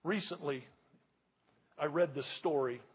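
Here the pastor's voice is husky and a little high, his delivery unhurried as he presses each point with rhetorical question after rhetorical question to the congregation. The church recording sounds dull and carries long hall reverb.

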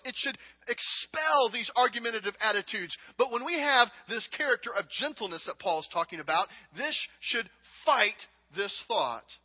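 A man in his thirties preaching a sermon as a pastor, earnest and repeating phrases for emphasis. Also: sits high. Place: church sanctuary. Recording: dull reverberant church hall recording.

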